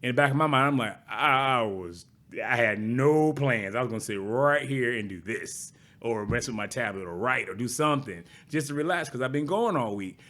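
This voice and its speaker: A middle-aged man co-hosting a podcast, talking in a relaxed, conversational way with frequent agreeing asides. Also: medium pitch, moderate pace, hardly any pauses. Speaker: podcast co-host. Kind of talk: casual chat.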